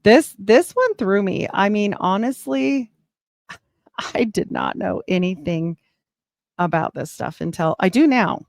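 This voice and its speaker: A middle-aged woman giving a personal testimony as a guest, rambling and animated, with laughs and asides. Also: medium pitch, slow, gravelly, no room sound, clean studio sound.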